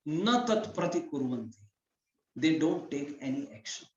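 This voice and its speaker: A man with a fairly high voice teaches a devotional scripture class, going through Sanskrit verses phrase by phrase and retelling the story with energy. His voice rings out in a roomy space. The recording sounds slightly dull and muffled. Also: very animated, normal speed, darkish tone.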